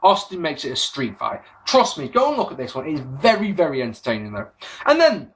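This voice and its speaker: A man's voice: on the high side, fairly quick, a little hiss or hum. A British man hosting a casual solo podcast, reviewing with sarcasm and plenty of swearing. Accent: British English. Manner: animated, sarcastic, swears freely. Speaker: podcast host.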